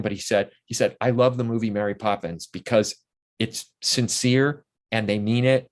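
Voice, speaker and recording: A man's voice: lowish voice, steady tone, normal speed. Enthusiastic older man telling rambling anecdotes. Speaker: interview guest. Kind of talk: casual interview storytelling.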